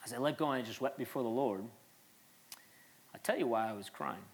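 A man in his late thirties preaching as a pastor, his voice at an ordinary mid pitch. He talks to the congregation in an earnest, conversational way, often restarting sentences and adding casual asides. It sounds like a sermon told as a personal story. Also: fairly quick.

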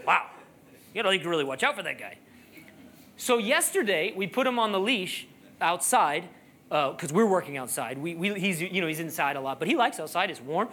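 A preacher giving a sermon, telling a lively personal story and then building to emphatic, raised-voice preaching. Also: medium pitch, fairly quick.

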